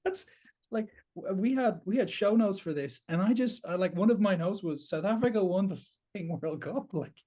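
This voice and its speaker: Irish guy on a podcast, higher voice, ranting and swearing, laughing a lot. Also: a little fast, hardly any pauses. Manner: animated and sweary, laughing through rants. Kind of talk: casual chat.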